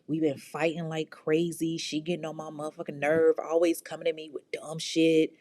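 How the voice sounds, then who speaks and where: A man's voice: fairly high pitch, monotone, moderate pace, a little mellow, no room sound, close to an everyday voice. Woman doing a crude slangy man. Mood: complaining. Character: smooth-talking predatory man, grown.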